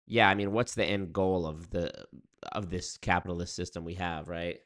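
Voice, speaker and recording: Man, deep low voice, casual rambling stream chat, profane, young adult. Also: steady tone, moderate pace, fairly bright tone.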